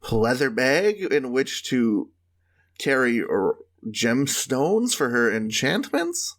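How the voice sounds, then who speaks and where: A man's voice: mid-range voice, very animated, slow, fairly bright tone. A man co-hosting a casual comedy podcast, riffing with silly, exaggerated jokes. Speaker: podcast co-host.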